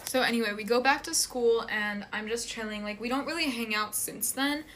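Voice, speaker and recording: A woman's voice: on the high side, brisk, fairly bright tone, a little hiss or hum. A teenage girl rambling through a casual storytime while getting ready at home, filling every sentence with "like". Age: teens. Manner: rambling, heavy use of "like" fillers.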